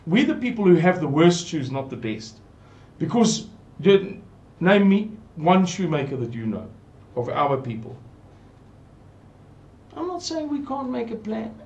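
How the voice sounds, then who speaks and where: A channel presenter delivers an earnest, pleading monologue to his viewers, rambling, repeating himself, and digressing. His high voice is very animated yet a little slow, with a darkish tone and dull audio.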